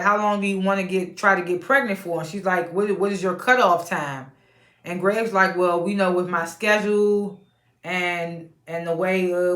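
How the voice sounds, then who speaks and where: A woman's voice: medium pitch, reverberant. Chatty woman recapping a reality show. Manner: chatty, laughs often, retells scenes in quoted voices.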